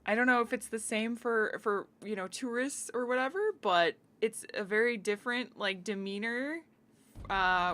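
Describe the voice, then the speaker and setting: A woman's voice: medium pitch, bright, forceful tone, a little hiss or hum. An American woman streaming live, chatting casually with viewers in a giggly, filler-heavy way.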